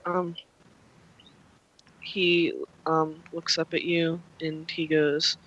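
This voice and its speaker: Young gm rambling thru a tabletop game, slow, lots of ums, dry close sound. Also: male voice, fairly high pitch, monotone, fairly bright tone, no echo, dull audio. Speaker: game master. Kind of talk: narrating a tabletop role-playing game.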